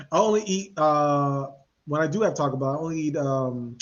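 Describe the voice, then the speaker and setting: A man co-hosting a podcast in casual chat, an animated storyteller who laughs often and uses slang. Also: fairly high pitch, normal speed. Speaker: podcast co-host. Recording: dull lo-fi podcast audio.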